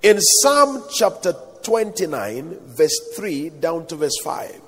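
A man preaches in a high, husky voice that swings widely in pitch. He stretches his stresses into a sing-song cadence and calls the crowd to answer amen. His words ring out with a long hall reverb. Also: sing-song, fairly bright tone. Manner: calls for amens, sing-song emphatic delivery, slow drawn-out stresses. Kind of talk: sermon.

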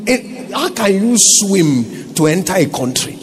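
A man's voice: high voice, very animated, measured pace, slight background noise. A man preaching a sermon as pastor, emphatic, with many rhetorical questions.

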